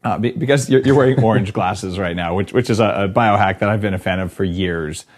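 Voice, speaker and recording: A man's voice: fairly low pitch, a little fast. A man hosting a casual podcast conversation, dry-humored, often stumbling over his first words. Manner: dry humor, stammering restarts. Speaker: podcast host.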